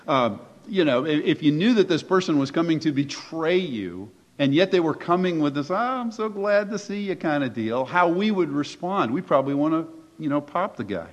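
A man's voice: a little high, animated, moderate pace. A man preaching a sermon as pastor, conversational and emphatic, posing rhetorical questions to his listeners. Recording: echoey hall, dull lo-fi sound.

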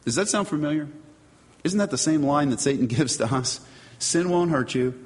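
A man's voice: a little high, animated. Earnest male preacher in a reverberant hall. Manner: earnest, emphatic preaching with measured pauses. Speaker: pastor. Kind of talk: sermon.

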